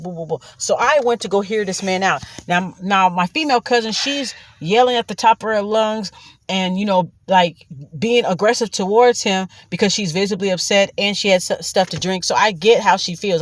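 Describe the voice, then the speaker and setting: A woman host tells a personal story in a loose, casual monologue. She is blunt and profane, and she keeps circling back to stress her points with repeated asides. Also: medium pitch.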